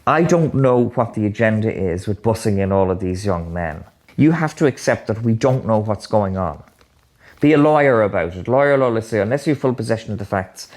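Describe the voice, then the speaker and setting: A man's voice: lowish voice, a little mellow. A man in a documentary interview, skeptical and insistent, firing off pointed questions. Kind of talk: talking-head interview.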